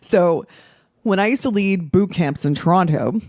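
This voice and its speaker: A woman's voice: on the low side, measured pace, darkish tone, dry recording, clean studio sound. A woman in her forties hosting a casual podcast monologue as a habits coach, blunt, profane and playful.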